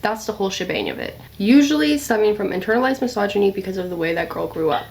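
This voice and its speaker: A young woman talking to camera in a casual commentary vlog. Her pitch is in a middle range and her delivery is blunt and chatty, full of "like" and the odd swear word. There is a faint hiss in the background. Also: vocal fry. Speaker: video essayist.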